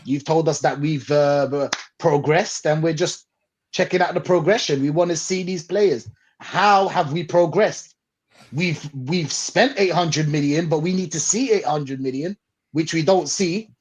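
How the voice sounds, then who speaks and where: A man's voice: a little high, a little slow, breathy edge. A man hosting a live fan show over a video call, reading out viewer comments and reacting to them. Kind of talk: casual live-stream chat.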